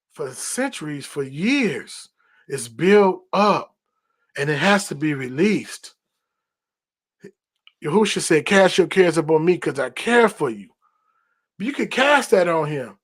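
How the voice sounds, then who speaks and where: Male podcast host with a high voice, preaching emphatically and repeating himself. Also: fairly bright tone, breathy edge. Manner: emphatic, repetitive, preacherly cadence. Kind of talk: preaching-style podcast monologue.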